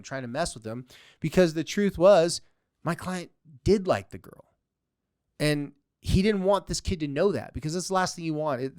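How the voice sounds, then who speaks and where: A man's voice: on the high side, a little mellow, no room sound, studio quality. A man hosting a podcast as a therapist, telling client stories and acting out quoted comebacks with mock sweetness. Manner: storytelling, acts out quoted exchanges with a mocking sweetness. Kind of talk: solo podcast talk.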